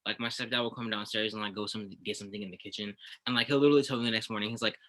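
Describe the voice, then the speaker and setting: A young man co-hosting a podcast, telling stories in a rapid, animated way. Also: on the low side. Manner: rapid, animated storytelling with lots of cursing. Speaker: podcast co-host. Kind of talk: casual podcast chat.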